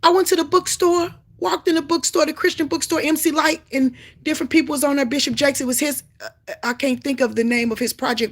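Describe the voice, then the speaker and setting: A woman with a high, husky voice delivers a Christian testimony like a sermon. She is fervent and repeats her points for emphasis. Her delivery swings between loud exclamations and quiet, low asides. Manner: emphatic repetition. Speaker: Christian author sharing testimony. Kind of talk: preaching testimony to camera.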